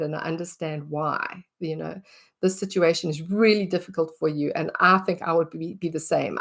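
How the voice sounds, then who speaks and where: A woman's voice: medium pitch, creaky. A middle-aged woman, teaching about dog behaviour in a casual way and acting out what she would say. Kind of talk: conversational teaching talk.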